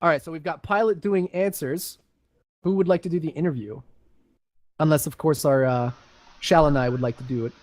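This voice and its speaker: A man hosting a casual lore reading over voice chat, relaxed and organizing volunteers. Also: a little high, fairly quick, long pauses, no room sound. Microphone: voice chat headset.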